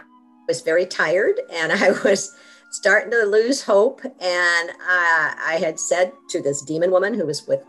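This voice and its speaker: A woman's voice: on the low side, measured pace, a bit bright, soft background music. A middle-aged woman telling her own story as an interview guest, with earnest, vivid storytelling.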